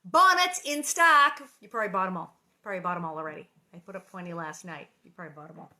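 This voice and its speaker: A woman's voice: fairly low pitch, fairly even intonation, very fast, pushed and bright. A middle-aged woman hosting a casual livestream from her living room, chatting in a bubbly, rambling way with lots of asides. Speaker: livestream host reading aloud.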